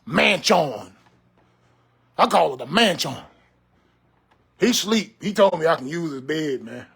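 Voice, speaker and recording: A man's voice: fairly high pitch, expressive, takes it slowly, gravelly, a bit bright, husky, heavily acted. A man playing a sassy, old-school, gray-haired uncle, scolding and joking with viewers on a livestream. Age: 50s. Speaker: livestream host reading comments. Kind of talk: comedic character livestream. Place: room in a house. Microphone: phone on a ring light.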